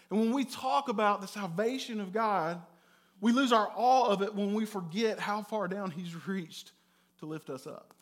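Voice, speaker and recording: A man preaching a sermon as a pastor, conversational and animated, often checking in with "right?". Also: sits high. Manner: conversational, with frequent "right?" tags; animated storytelling with bursts of loudness.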